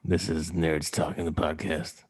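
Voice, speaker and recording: A man doing a hushed, creepy leering guy. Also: rumbling low, little pitch movement, a little slow, pitched below the performer's own voice.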